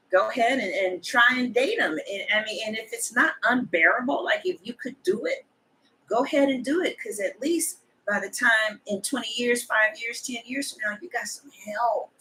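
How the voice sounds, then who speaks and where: Chatty blunt woman with a bright voice. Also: on the high side, poor audio. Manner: chatty, gossipy and blunt, with slang and swearing. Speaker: tarot reader. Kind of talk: casual chat to camera.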